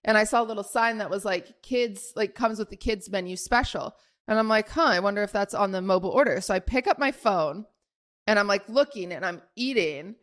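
A young woman co-hosting a podcast, telling a story in a rambling, animated way full of "like". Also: mid-range voice, brisk. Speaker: podcast co-host. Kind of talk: casual chat storytelling.

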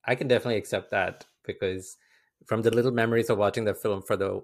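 A man co-hosting a film podcast, talking casually with halting starts and frequent fillers. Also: lowish voice, fairly even intonation. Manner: halting, many fillers and restarts. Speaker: podcast co-host.

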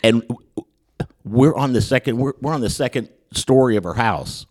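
Telling a story during casual podcast chat, this male host has a husky, medium-pitched voice and a normal pace. He animatedly acts out other people's quotes and stammers into many restarts along the way.

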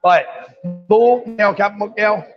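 A high-voiced man hosts a livestream from a busy bar with a pool table, trading casual banter in a chatty, teasing way and calling everyone darling. The livestream audio is dull and lo-fi, with bar crowd chatter and slow, faint music behind him.

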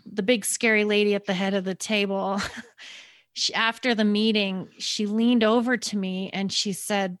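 A woman tells her own family story on a podcast, earnest and quick, her words sometimes tumbling over each other. She sounds close to tears at moments. The recording is dry and close. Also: mid-range voice, steady tone, no echo. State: near tears. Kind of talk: emotional personal storytelling.

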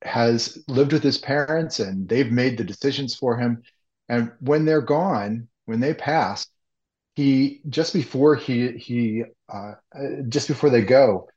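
A man from the American Midwest talks about his writing as a podcast guest. He is calm and reflective, restarting a few words now and then, and the sound is dull and slightly lo-fi. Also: mid-range voice. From Ohio, US Midwest. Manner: measured and reflective, with small restarts. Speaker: author guest. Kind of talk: interview conversation.

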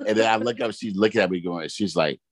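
A man's voice: on the low side, fast talker, no echo. A man co-hosting a casual chat podcast, agreeing animatedly and restarting his sentences often. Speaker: podcast co-host.

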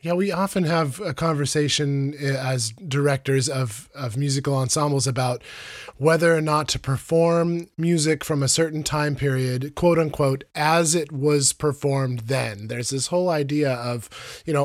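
Higher-voiced male co-host, dry sound. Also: normal speed, dry recording. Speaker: podcast co-host, ensemble director. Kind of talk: interview questions.

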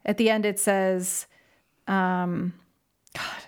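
A woman's voice: mid-range voice, steady tone, creaky. A young woman co-hosting a casual film podcast, chatty with lots of fillers. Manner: chatty, many fillers, reads a passage aloud slowly. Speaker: podcast co-host.

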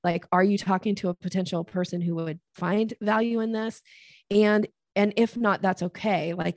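Woman guest on a podcast, bit of vocal fry, dry close mic, acts out little voices when she explains stuff. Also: mid-range voice, moderate pace, dry recording. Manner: animated, acts out quoted voices. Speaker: podcast guest, sales coach. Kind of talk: casual podcast interview.

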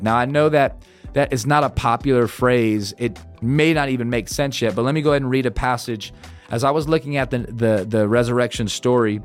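A male pastor preaches on leadership in an emphatic, encouraging way. He lets important words stretch out slowly so they land. His voice sits at a medium pitch, with soft music playing faintly underneath. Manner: emphatic, slows right down to stress key phrases. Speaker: senior pastor.

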